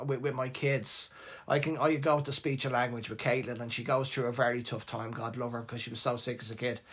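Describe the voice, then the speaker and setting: Animated Dublin man telling a story. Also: mid-range voice. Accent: Irish, Dublin. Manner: animated, emotional, many restarts. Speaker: host. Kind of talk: casual storytelling on a live show.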